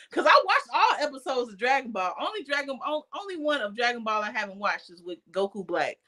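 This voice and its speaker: Woman co-host, high-pitched, swears a lot, tells stories loudly. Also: fairly quick. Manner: animated storyteller, heavy swearing, loud outbursts. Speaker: podcast co-host. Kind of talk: casual chat.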